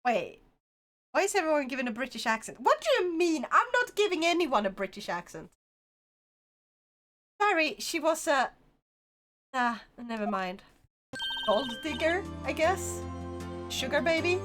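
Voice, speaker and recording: A woman's voice: high voice, sing-song, unhurried, pauses often, a bit bright. A woman streamer chatting casually while playing, rambling and giggly, over game music. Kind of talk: casual gameplay chat.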